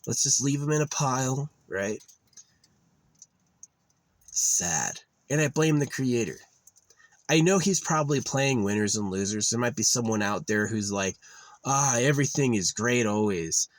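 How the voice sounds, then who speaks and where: A man's voice: mid-range voice, lively intonation, a little slow, long pauses, no echo. A young man vlogging in a rambling, digressive monologue that drifts into rants, full of fillers.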